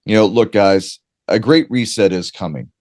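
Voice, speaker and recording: A man's voice: fairly low pitch, normal speed, darkish tone, no room sound, studio quality. A man hosting a podcast, talking directly to his listeners and urging them on. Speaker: podcast host. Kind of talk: casual podcast talk.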